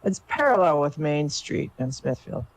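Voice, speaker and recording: A woman with a deep, low voice chatting as a guest on a talk show. She is relaxed and bawdy and laughs at her own jokes. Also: moderate pace, rough recording. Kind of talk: casual chat.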